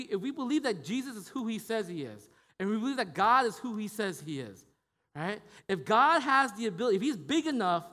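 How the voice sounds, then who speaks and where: A pastor with a high, pushed, bright voice delivers a sermon in church, speaking to the congregation loosely and conversationally. He often checks in with "right?" and restarts sentences, and a long reverb hangs on the sound.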